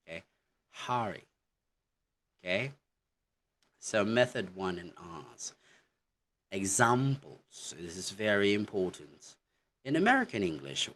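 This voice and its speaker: Male teacher, very low voice, unhurried delivery, constant "okay" check-ins. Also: fairly bright tone, a little hiss or hum. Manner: slow, repetitive, says "okay" constantly while demonstrating words. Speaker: English teacher. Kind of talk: online pronunciation lesson.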